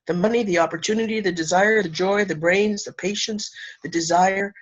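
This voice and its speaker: Woman, spiritual speaker, gushing and emotional, laughs a lot, dramatic pauses, mid-pitched voice. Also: lively intonation, dull audio. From Canada. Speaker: spiritual teacher and speaker, guest. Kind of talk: casual interview talk.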